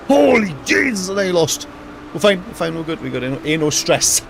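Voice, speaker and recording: A young man streaming a racing game live, joking and talking to himself with excitable reactions. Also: fairly high pitch, fast talker, creaky, background noise. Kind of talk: live gaming commentary. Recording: loud game music behind voice. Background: racing game music and engine sounds.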